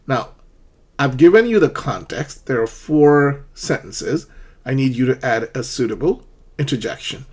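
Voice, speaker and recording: Husky guy teaching english online, patient, acts out little exclamations. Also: mid-range voice, lively intonation. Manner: slow, patient teaching with acted example exclamations.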